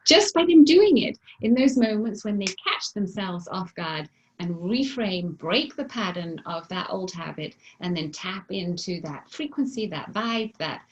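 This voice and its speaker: A woman coaching listeners through self-help exercises in an emphatic, animated way. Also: medium pitch, a little slow, hardly any pauses, dull audio. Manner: animated, emphatic, acts out example phrases. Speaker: mindfulness coach.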